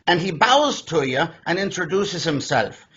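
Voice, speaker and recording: Husky guy hosting a goofy podcast interview, slightly high voice, dull lo-fi sound. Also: big pitch swings, measured pace, fairly bright tone, slight background noise. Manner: jokey, storytelling, stumbles over words. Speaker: podcast host. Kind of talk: playful interview chat.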